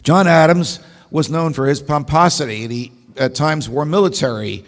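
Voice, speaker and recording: A man's voice: on the high side, moderate pace. A man giving a lecture-style keynote speech, an emphatic storyteller who poses rhetorical questions and drops wry asides. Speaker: keynote speaker. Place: large meeting hall. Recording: long hall reverb.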